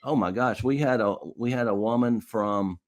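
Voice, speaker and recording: A man's voice: medium pitch, moderate pace. A middle-aged man from South Carolina, a defense lawyer casually telling stories from his cases and often repeating his words as he goes. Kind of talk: casual storytelling.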